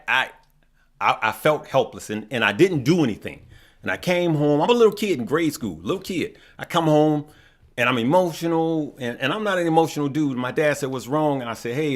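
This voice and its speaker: A middle-aged man speaks in a mid-range voice, hosting his own channel in an impassioned livestream talk. He preaches and tells stories in a folksy way, often repeating his phrases. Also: mid-range voice. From West Side of Chicago. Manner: preachy, repetitive, folksy storytelling. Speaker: stock market channel host.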